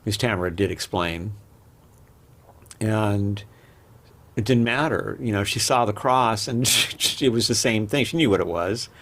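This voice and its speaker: A man's voice: on the low side, a little slow, pauses often, fairly bright tone. A man, a podcast guest, telling rambling personal stories in a candid, casual way with frequent restarts. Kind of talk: casual interview storytelling.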